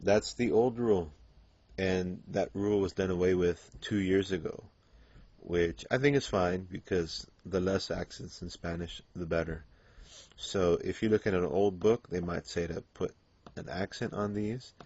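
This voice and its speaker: Male language teacher, low voice, unhurried delivery, dull lo-fi lecture audio. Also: darkish tone, no echo. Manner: patient, explanatory, frequent "okay" and "um". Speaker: Spanish teacher. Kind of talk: classroom grammar lesson.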